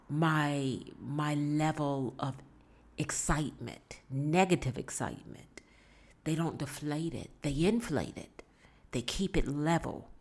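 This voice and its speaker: A woman's voice: low voice, slow pace, a little mellow. A woman talking casually and earnestly to her viewers, giving life advice and repeating points for emphasis. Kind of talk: casual motivational talk.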